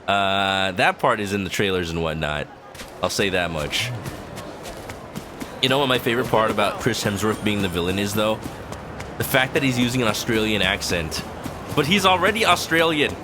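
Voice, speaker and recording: A man's voice: lowish voice, animated, moderate pace, long pauses, noisy background. A man streaming a video game, chatting casually in a rambling way full of "like" fillers. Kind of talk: casual chat while playing a video game. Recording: clear game music underneath. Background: game music.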